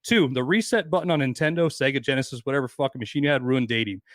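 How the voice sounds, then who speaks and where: Podcast guest, man in his forties, rapid profane storyteller, dry recording. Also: medium pitch, dry recording. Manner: profane, rambling anecdotes with quoted voices.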